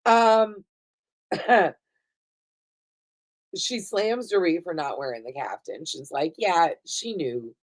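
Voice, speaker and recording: A woman in her thirties chatting casually as a vlogger recapping a reality TV episode, gushing and swearing freely, laughing often, a little high. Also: expressive, takes it slowly, pauses often, rough recording. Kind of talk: casual chat.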